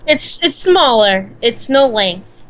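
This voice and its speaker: Bright, high-voiced joking woman. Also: expressive, slow. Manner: joking, playful quips. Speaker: podcast co-host. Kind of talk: casual gaming chat.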